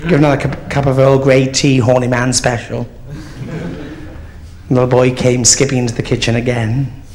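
A man's voice: mid-range voice, little pitch movement, moderate pace, a crowd in the background, close to an everyday voice. A man playing a crude, gossiping old granny in a live stand-up act, camp and swearing freely. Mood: gossipy. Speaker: drag comedian. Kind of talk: live stand-up comedy in character. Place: theatre stage before an audience.

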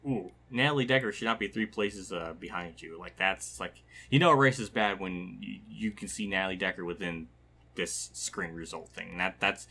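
A man's voice: medium pitch, a bit bright. Frustrated man commentating a racing game. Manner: frustrated, rambling, swears and laughs. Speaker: gaming channel host.

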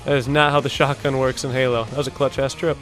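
A young man hosting a video-game montage reaction, talking casually, swearing often and bursting out in excited disbelief. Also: medium pitch, fast talker, faint music behind. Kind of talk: casual gaming reaction commentary.

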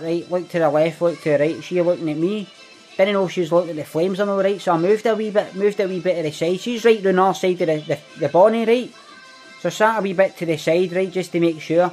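A man's voice: high-pitched, a little mellow, natural voice. A man with a Glaswegian Scottish accent playing a swaggering, foul-mouthed young Glasgow ned, boasting in a comic monologue. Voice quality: heavy swearing, boastful storytelling. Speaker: comedy monologue character. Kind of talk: scripted comedic monologue.

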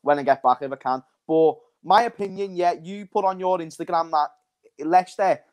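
A man's voice: a little high, moderate pace, a little mellow. A man with a Scouse accent chats casually as a guest on a football watchalong. He keeps calling people "lads" and "my mate" in a friendly, matey way. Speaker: guest fan on call. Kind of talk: casual chat.

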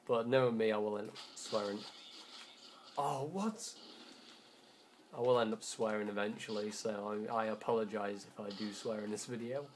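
A teenage boy talks through his gameplay at home, rambling and backtracking as he goes. His voice sits a little low, and he is quick to grumble when things go wrong. A faint hiss runs under the recording. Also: flat delivery. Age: teens. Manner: rambling, self-correcting, quick to frustration. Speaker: gamer. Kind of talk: gameplay commentary.

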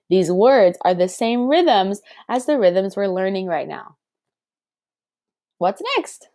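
A woman's voice: mid-range voice, unhurried, warm tone. A young woman teaching a children's music lesson, chanting rhythm syllables in an encouraging, sing-song way.

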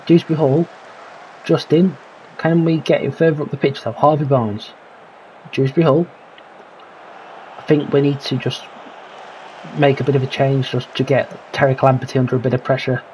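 A gaming commentator with a warm, medium-pitched voice plays a football management game in a casual let's-play. He calls out players and muses about tactics, muttering his worries, over poor audio with a little hiss or hum.

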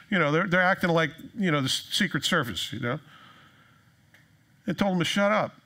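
A male pastor preaching in a conversational, joking manner with animated storytelling. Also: a little high, moderate pace, pauses often. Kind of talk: sermon.

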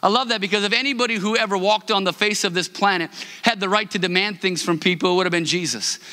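A man's voice: sits high, fast, pushed and bright, big-room sound. A man preaching a sermon as pastor, talking in a conversational way with many fillers and restarts. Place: church sanctuary.

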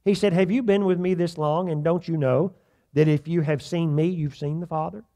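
A pastor with a fairly high, warm voice delivers a sermon in a church sanctuary, reading scripture slowly and weightily with fairly even intonation. He then turns to his congregation and puts direct questions to them.

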